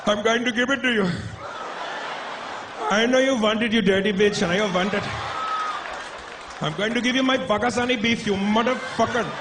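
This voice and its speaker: A man doing a pushy mock South Asian accent in a stand-up bit, loud and drawn out. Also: high voice, rapid-fire, hardly any pauses, distant mic, crowd noise, natural voice. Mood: leering. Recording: noisy club room sound.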